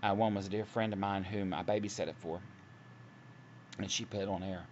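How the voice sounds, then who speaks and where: An online Christian video preacher sits at home and preaches casually, earnest and rambling, restarting often. His low voice has a steady tone and a brisk pace, captured in dull lo-fi audio with faint hiss.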